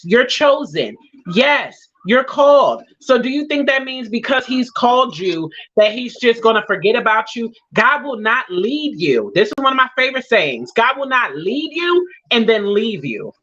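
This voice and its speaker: Fiery woman preaching, bright tone. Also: fairly high pitch, sing-song, unhurried, highs cut off. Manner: emphatic, repeating key phrases for emphasis. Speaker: guest speaker. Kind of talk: preaching-style talk in an online interview.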